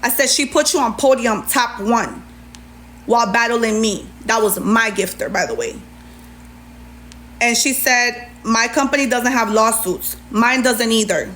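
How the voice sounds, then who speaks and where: A woman's voice: on the high side, unhurried, fairly bright tone, a little hiss or hum. A woman ranting on a livestream, sassy and indignant as she reads out messages and answers back.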